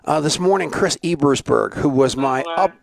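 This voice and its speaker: Gravelly-voiced man hosting a live show. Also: on the high side, normal speed, a crowd in the background. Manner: energetic, rambling, shouts out viewers by name. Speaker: show host. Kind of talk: live online show chat.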